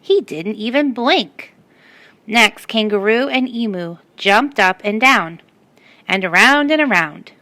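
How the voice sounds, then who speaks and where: A woman's voice: a little high, animated, slow pace, sharp tone, dry recording. A woman reading a picture book aloud to children and stopping to ask them questions. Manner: asks the listeners questions. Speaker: storyteller.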